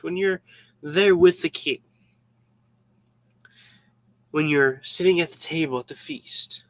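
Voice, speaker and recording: A man's voice: on the high side, bright, forceful tone, dry recording, poor audio. A man giving a casual devotional Bible talk, informal and joking, acting out little scenes as he explains. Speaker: Bible teacher.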